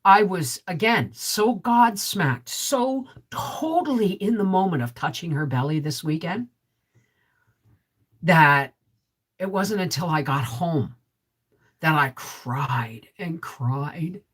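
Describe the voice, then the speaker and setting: A middle-aged woman with a deep, resonant voice, hosting a casual vlog live stream. She chats straight to viewers, reads their comments and keeps asking "right?". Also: animated, takes it slowly, slightly rough. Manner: chatty, talks straight to viewers with frequent "right?". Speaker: homesteading vlog host.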